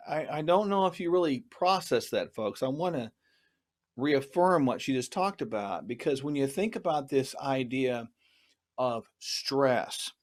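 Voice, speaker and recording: Brief: middle-aged male co-host, earnest and emphatic, fairly high voice, teaching style. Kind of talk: health talk show.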